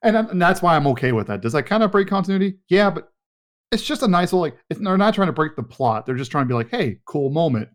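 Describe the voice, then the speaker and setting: A man's voice: sits high, very animated, fast. A man co-hosting a casual movie podcast, rambling with fillers and sidetracks. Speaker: podcast co-host.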